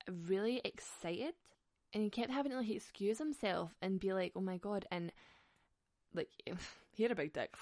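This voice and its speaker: Sweary chatty woman with a gravelly voice. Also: mid-range voice, no room sound, studio quality. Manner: sweary, chatty, laughs often. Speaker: podcast host. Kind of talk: casual storytelling chat.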